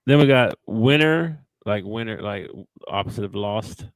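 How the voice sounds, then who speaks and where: A man's voice: lowish voice, animated, measured pace, no room sound. A man co-hosting a sports podcast, talking in an easygoing, chuckling casual way. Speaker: podcast co-host. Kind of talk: casual chat.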